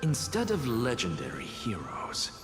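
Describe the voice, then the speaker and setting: A man voicing a curious young male traveler in a video game, asking questions slowly. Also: mid-range voice, wildly swooping pitch. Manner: slow, questioning. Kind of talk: game voice acting. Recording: reverberant game audio with loud music.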